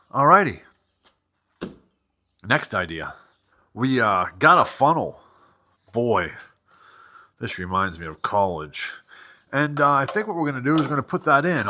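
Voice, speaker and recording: A man from New Hampshire talks his way through a repair job in a loose, rambling commentary. His pitch swings up and down a lot as he talks, and his tone is bright and forward. He keeps drifting into joking, self-deprecating asides. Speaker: host working on an old vehicle. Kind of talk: casual running commentary while wrenching.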